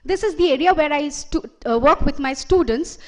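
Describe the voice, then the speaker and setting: A woman's voice: sits high, lively intonation, moderate pace, darkish tone. A woman giving a conference presentation as a lecturer, explaining with fillers and self-corrections.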